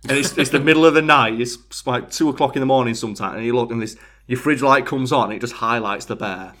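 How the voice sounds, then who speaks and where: A man's voice: medium pitch, quick pace, a bit bright. A young British man swapping stories in a casual chat, swearing freely and laughing through his tales. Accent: British English.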